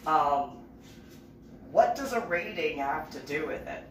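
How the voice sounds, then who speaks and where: A woman's voice: deep voice, animated. A woman voicing an exasperated, incredulous schoolboy in a remembered story. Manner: incredulous, drawn-out exclamations. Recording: roomy, distant mic, noisy background.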